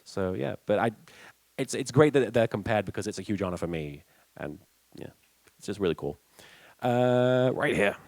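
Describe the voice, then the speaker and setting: A man's voice: fairly low pitch, moderate pace, pauses often, dry recording. A young British man answering fan questions at a convention panel, chatty, laughing often and restarting his sentences. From England. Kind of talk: casual panel Q&A.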